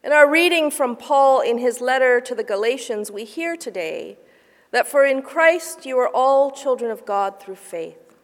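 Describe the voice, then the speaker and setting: A woman pastor preaching a sermon, telling a story with lively asides and hushed, quiet narration. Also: sits high. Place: church sanctuary. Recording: long reverb of a church hall.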